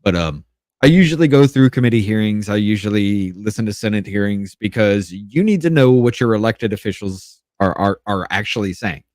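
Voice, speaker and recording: A man with a lowish voice, talking on a podcast close to the mic in a dry, dead room. He tells his story in loose, restarting phrases and swears freely. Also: fairly quick, a little mellow, no echo. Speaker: podcast co-host. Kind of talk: casual podcast chat.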